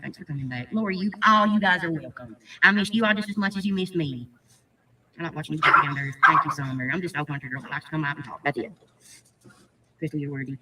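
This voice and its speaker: A woman's voice: sits low, distant mic, heavy background noise. A woman from Kentucky, reading out viewer comments on a livestream, gushing and teary as she thanks people by name. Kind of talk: livestream chat.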